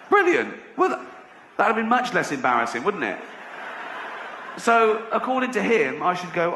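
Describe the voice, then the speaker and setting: Giggly English comic, echoey live stage. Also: male voice, high-pitched, very animated, normal speed, pushed and bright, a little hiss or hum. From England. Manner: rambling, self-deprecating, breaking into laughter. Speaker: stand-up comedian. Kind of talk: stand-up comedy routine. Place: theater stage with audience.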